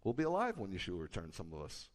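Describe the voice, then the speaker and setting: A man who is a rabbi, preaching a sermon emphatically and shifting between loud bursts and low confiding asides. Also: wildly swooping pitch, quick pace. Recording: echoey hall with a long tail.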